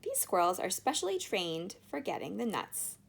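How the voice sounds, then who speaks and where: Willy Wonka, brisk eccentric candy maker, read by a woman. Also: mid-range voice, very animated, vocal fry, breathy edge, full character voice. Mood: eager. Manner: quick, bossy, triumphant.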